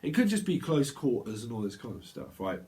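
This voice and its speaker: A man's voice: mid-range voice, huge pitch swings, a little fast, dark tone. A man with a British accent giving a psychic tarot reading, rambling and free-associating, often trailing off and correcting himself. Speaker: tarot reader.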